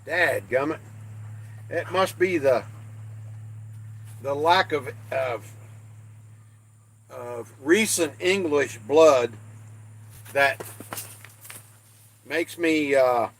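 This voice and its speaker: Older guy from out west on his livestream, folksy, reading chat, kinda high-pitched, takes his time. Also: very slow, pauses often, slight background noise. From American West. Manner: folksy, self-deprecating, reads chat aloud. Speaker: livestream host. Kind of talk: casual chat with live chat viewers.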